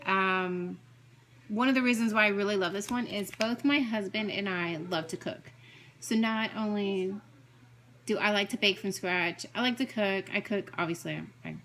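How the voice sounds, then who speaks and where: Chatty woman, fast and gushing. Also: mid-range voice, slight background noise. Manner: fast, chatty, jumps between topics; excitable, gushing. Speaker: cross-stitch vlogger. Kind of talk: casual chat showing craft projects.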